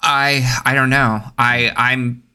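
Brief: male podcast co-host, wry and deadpan, sharp bright tone. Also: mid-range voice, clean tone. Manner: wry, deadpan jokes with halting restarts. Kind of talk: casual podcast chat.

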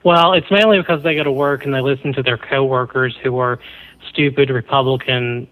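A man's voice: medium pitch, steady tone, a little fast, fairly bright tone, rough recording. A man in a casual chat, answering with dry, teasing quips.

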